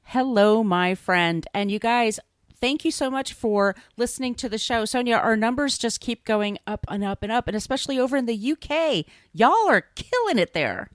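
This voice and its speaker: A woman's voice: on the high side, animated, moderate pace, no echo, studio quality. A woman co-hosting a podcast in casual chat, laughing often and correcting herself. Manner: chatty, laughs often, fillers and self-corrections. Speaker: podcast co-host.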